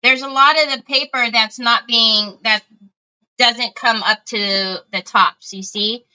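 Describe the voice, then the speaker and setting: A woman's voice: a little high, fairly even intonation, slow pace, sharp tone, smooth, muffled recording. A woman hosting a casual craft livestream, chatting with viewers as she works and thinking aloud.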